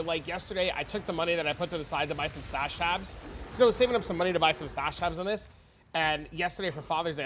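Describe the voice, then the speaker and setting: A man's voice: a little high, fairly bright tone, slight background noise. A man, a father, chatting loosely and profanely on a game stream, telling stories with animation. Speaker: father of young kids. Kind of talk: casual livestream chat.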